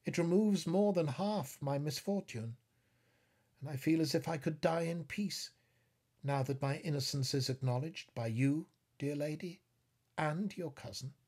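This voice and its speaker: A man reads the part of a young woman awaiting execution, speaking softly and with gratitude. She is resigned and tender, and the lines come slowly. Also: fairly high pitch, slightly rough, pitched above the performer's own voice.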